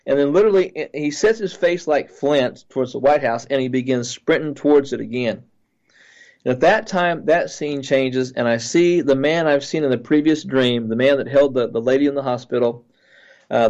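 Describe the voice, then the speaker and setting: A man, a pastor, earnestly recounting a dream in a halting way with many restarts. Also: mid-range voice, darkish tone, lo-fi sound.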